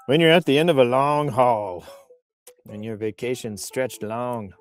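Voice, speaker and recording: A man's voice: medium pitch, unhurried. Rambling, jokey male show host. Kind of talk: casual livestream chat. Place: outdoors on a bluff while on vacation.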